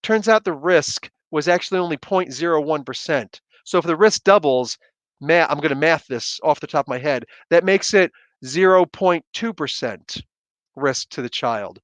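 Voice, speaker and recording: A man's voice: a little high, expressive, normal speed, a bit bright, no room sound. Blunt ranting man on a dry mic. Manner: ranting, blunt, rambling with many fillers. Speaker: host. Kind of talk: casual livestream chat. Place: home livestream setup.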